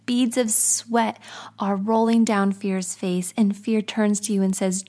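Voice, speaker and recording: A woman hosting a podcast, narrating a guided story in a soft, often half-whispered way. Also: medium pitch, flat delivery, measured pace. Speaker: podcast host.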